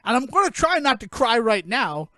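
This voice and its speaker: A man co-hosting a podcast, retelling a film in a rambling, animated way and acting out the characters' lines. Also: very high-pitched, moderate pace, no echo, studio quality. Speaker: podcast co-host. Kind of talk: casual movie review chat.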